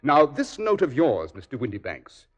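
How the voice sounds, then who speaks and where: A man's voice: mid-range voice, huge pitch swings, normal speed, lo-fi sound. An actor playing a brilliant, self-assured male detective in a 1940s radio drama, ironic and commanding. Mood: lecturing.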